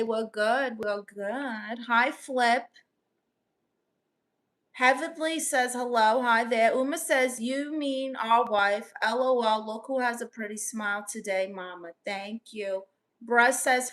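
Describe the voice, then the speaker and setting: A woman from Brooklyn with a Brooklyn accent, hosting a casual livestream, reading viewer comments aloud and answering with sassy, quick comebacks. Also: a little high, pushed and bright. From Brooklyn, New York. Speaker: livestream host reading chat.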